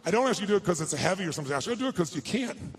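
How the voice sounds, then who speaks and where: A man giving a motivational speech and telling a personal story to an audience. He sounds heartfelt, slows down for emotional moments, and turns persuasive and rallying. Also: sits high, big pitch swings. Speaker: motivational speaker.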